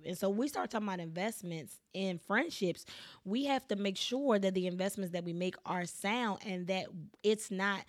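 A woman's voice: fairly low pitch, no echo, clean studio sound. A woman giving a motivational talk on friendship. She is emphatic and casual, repeats phrases for effect and often checks in with "right?". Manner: casual speech with African American English features. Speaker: speaker giving life advice.

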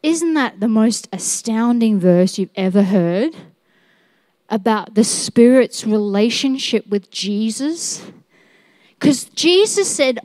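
Slow-spoken playful woman preaching. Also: a little high, lively intonation, darkish tone, no room sound. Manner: playful, laughs often, asks the room questions. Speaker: teacher at a church. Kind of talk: sermon teaching.

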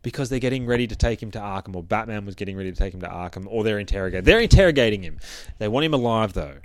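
A man's voice: lowish voice, lively intonation, racing, no room sound. A man hosting a podcast, casually recapping a comic book in a rambling, profane way. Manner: profane, rambling, acts out characters' lines. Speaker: podcast host.

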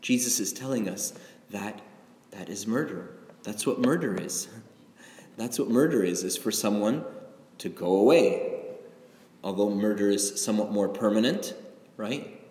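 A man's voice: fairly low pitch, expressive, unhurried, pauses often, dark tone. A middle-aged male pastor preaching a sermon in a conversational, confessional way, often checking in with "right?". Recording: echoey hall with long reverb.

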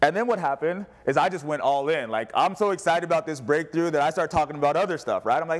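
A man in his thirties delivers a sermon from the pulpit. His voice sits high, and he moves easily between sports talk and personal stories. He acts out dialogue and laughs along the way. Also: animated, quick pace, hardly any pauses. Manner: storytelling with laughs and quoted dialogue. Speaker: pastor.

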